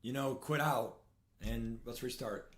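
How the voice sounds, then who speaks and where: A man's voice: medium pitch, measured pace, fairly bright tone, slight background noise. A young man streaming a football video game, ranting and swearing in frustration as he plays. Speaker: gaming streamer. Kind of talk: live game commentary rant.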